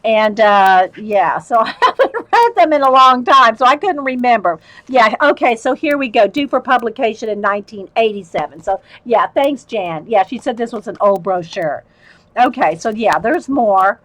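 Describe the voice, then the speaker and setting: A woman's voice: a little high, expressive, normal speed, a bit bright, no room sound, poor audio. A woman hosting a casual livestream, chatting with viewers, laughing often and reading letters aloud.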